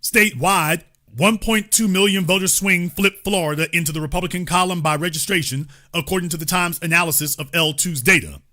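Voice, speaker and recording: A man's voice: sits high, fairly quick, few pauses, sharp tone. A man hosting a political commentary show, lecturing his audience emphatically and repeating his key points.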